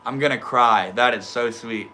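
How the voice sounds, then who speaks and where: A young man hosting a casual livestream from home, reading chat comments aloud and reacting with easygoing slang and swearing, dropping from soft murmurs to sudden loud excited outbursts. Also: mid-range voice, normal speed, slight background noise. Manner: swears casually, laid-back stoner slang.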